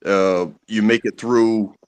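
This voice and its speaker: A man in casual chat who speaks haltingly, restarting his sentences. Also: lowish voice, fairly even intonation, clean tone. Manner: halting, stop-start phrasing.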